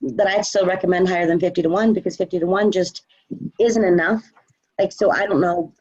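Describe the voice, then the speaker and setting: A woman's voice: fairly low pitch, fairly even intonation, a little fast, darkish tone, slightly rough, highs cut off. A woman trading coach answering questions in a casual live chat, confident and chatty with plenty of fillers.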